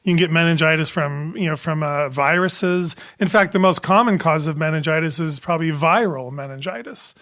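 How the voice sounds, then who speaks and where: A man's voice: on the high side, fairly quick, hardly any pauses, pushed and bright. A man co-hosting an educational health podcast as the doctor, explaining in a casual way with many fillers and restarts.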